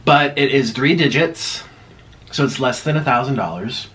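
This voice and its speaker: A man's voice: medium pitch, moderate pace, a bit bright. A man chatting casually while eating on camera, rambling and laughing at himself. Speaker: mukbang vlogger.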